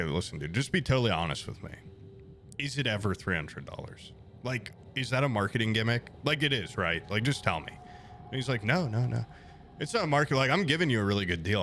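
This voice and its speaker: A young man with a fairly low voice is streaming, spinning a rambling, profane story for his chat and doing the voices of the people in it. His delivery is animated, and the casual storytelling comes with a little hiss or hum in the background.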